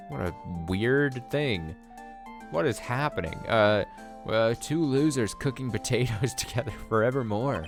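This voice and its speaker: A man's voice: medium pitch, a little slow. A man hosting a let's play, rambling and thinking aloud as he reacts to the game. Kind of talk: casual gameplay commentary. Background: game music.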